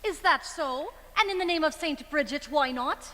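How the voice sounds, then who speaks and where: A woman's voice: high voice, moderate pace, bright, forceful tone. A woman playing a talkative middle-aged Irish widowed mother in a stage musical, with a lilting Irish brogue. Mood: puzzled. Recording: stage with long hall reverb.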